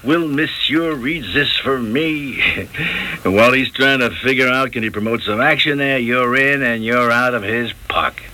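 An actor playing a street tough who talks in fast, streetwise slang. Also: male voice, medium pitch, fairly even intonation, pushed and bright.

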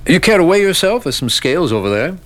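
An actor playing a chatty prison guard who talks in a casual, offhand way. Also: male voice, on the high side, big pitch swings, fast. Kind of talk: radio drama acting.

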